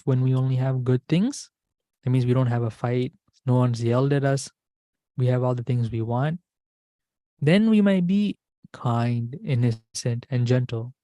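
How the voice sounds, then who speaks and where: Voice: medium pitch, mellow, no echo. A Dhamma school teacher telling a teaching story as a lesson, repeating key words and asking the listeners questions. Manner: repetitive, asks the class questions.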